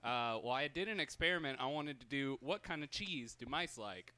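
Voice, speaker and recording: Young man, bright tone, relaxed chatty storyteller. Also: medium pitch, moderate pace. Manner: chatty, quotes his dad and himself. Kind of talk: casual storytelling among friends.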